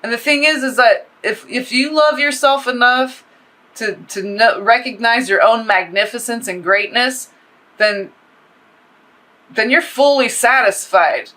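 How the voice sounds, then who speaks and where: A woman with a bright voice chats through a tarot reading. She rambles, swears freely and gets animated as she talks. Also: fairly high pitch, a little slow, poor audio. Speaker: tarot reader. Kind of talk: casual tarot reading monologue.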